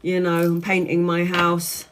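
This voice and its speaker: A woman's voice: lowish voice, completely flat delivery, measured pace, heavy background noise. A woman, congested and bunged up, chatting in a rambling way on a home live stream as a tarot reader and answering viewers' comments. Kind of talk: casual live-stream chat.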